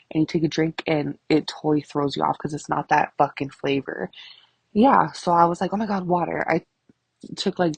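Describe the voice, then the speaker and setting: A woman's voice: deep voice, gravelly, husky, dry recording. A woman in her thirties hosting her own podcast, telling stories casually, swearing a lot and laughing often. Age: 30s. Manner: profane, laughing, animated storyteller. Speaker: podcast host. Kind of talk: casual storytelling monologue.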